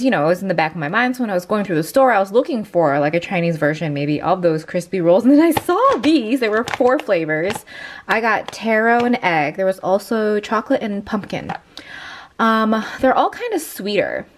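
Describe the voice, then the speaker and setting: Chatty woman vlogging over background noise. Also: fairly low pitch. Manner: chatty, many "like"s and "um"s. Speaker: beauty and lifestyle vlogger. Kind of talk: casual vlog chat. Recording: noisy background.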